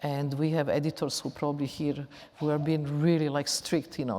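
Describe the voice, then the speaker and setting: Low-voiced woman with Slavic accent. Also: level tone, a little fast, warm tone. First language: Serbian. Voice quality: non-native English, repeats and restarts. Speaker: interview guest. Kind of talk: onstage conversation. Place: large auditorium. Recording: long hall reverb.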